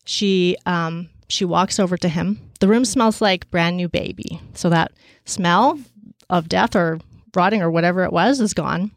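A woman telling a story casually and with energy, with many fillers, and raising her pitch to act out the people she quotes. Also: unhurried, no echo, clean studio sound. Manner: animated, acts out quoted voices at a higher pitch.

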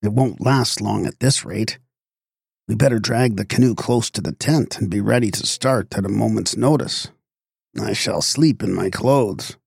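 A man voicing a practical, unflappable Swedish traveling companion who speaks in a calm, matter-of-fact way. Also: fairly low pitch, normal speed, creaky, breathy edge, no room sound, clean studio sound.

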